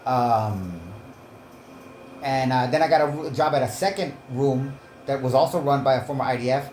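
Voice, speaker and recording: A man's voice: mid-range voice, moderate pace, darkish tone, a little hiss or hum. A man giving rambling, profane casual commentary as he reacts to clips, often breaking off and restarting his sentences. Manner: meandering, profane, self-interrupting. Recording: roomy echo.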